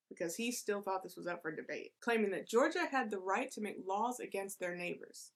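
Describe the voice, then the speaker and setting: A woman delivering a satirical history explainer with sarcastic, deadpan asides. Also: medium pitch.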